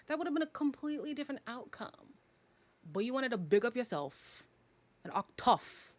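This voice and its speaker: A young Canadian woman with a slightly high, very animated voice talks fairly quickly. Live-streaming a casual review of a reality show, she's sassy, dramatic, and teasing, laughing often.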